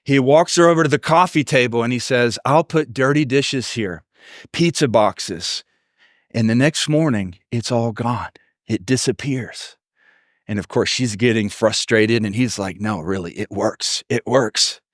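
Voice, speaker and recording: A man's voice: medium pitch, a little slow, no echo, studio quality. A man preaching a sermon as pastor, telling stories and acting out the voices of people he quotes. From Texas. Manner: storytelling, acts out quoted voices.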